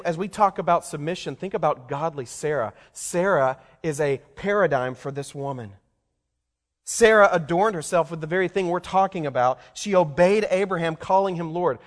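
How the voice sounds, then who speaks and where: Conversational male preacher in a reverberant hall. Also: sits high. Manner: conversational, asks the listeners questions. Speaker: pastor. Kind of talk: sermon.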